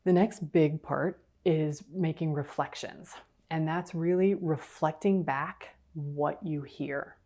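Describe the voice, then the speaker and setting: A woman's voice: sits low, steady tone, slow, mellow. A middle-aged woman lecturing on a clinical skill, explaining step by step and acting out sample patient and clinician lines. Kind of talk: recorded virtual lecture.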